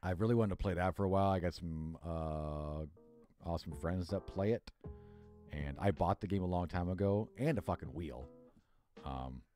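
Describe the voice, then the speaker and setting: A man's voice: low-pitched, moderate pace, dark tone, faint music behind. A man livestreaming on a headset, thinking aloud as he works and swearing freely. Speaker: streamer. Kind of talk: casual livestream chat while working.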